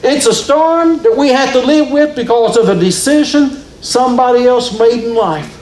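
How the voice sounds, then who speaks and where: In a church sanctuary with roomy echo, a pastor preaches a sermon, his story rising and falling in emphasis. His voice is very high-pitched and darkish in tone, delivered at a normal speed.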